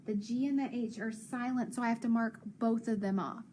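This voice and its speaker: Encouraging woman teaching phonics slowly. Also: a little high, steady tone, dark tone, slight background noise. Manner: patient, encouraging, sounds words out slowly. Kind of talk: phonics lesson for young children.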